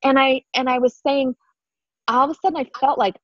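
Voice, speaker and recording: A woman co-hosting a faith podcast, telling a story in an animated way and acting out the dialogue. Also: sits high, normal speed, dry recording, muffled recording. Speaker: podcast co-host. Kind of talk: casual faith podcast chat.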